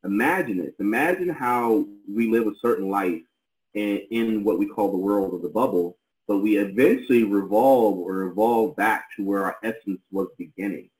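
A man's voice: lowish voice, moderate pace, darkish tone, roomy sound, poor audio. A man co-hosting a podcast, talking in an effusive, rambling, enthusiastic way. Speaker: podcast co-host. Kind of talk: casual podcast chat.

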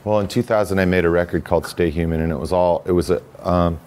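A man talks as a guest on a podcast, his voice sitting very low and deep. He rambles loosely through his thoughts with plenty of "um" and restarts. It is an easygoing, conversational delivery. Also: fairly even intonation, fast, a little mellow, a little hiss or hum. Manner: laid-back, rambling storyteller with many fillers. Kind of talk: casual conversation.

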